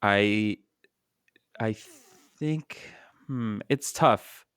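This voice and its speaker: A man's voice: lowish voice, extremely slow, a bit bright, clean tone, no room sound. Man, podcast co-host, casual chat, thoughtful, hesitant, dry sound. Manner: thoughtful, hesitant with many fillers.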